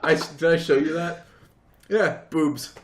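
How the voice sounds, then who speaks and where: A man's voice: a little high, a little slow. Blunt, swearing young man, teasing. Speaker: podcast co-host. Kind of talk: casual chat.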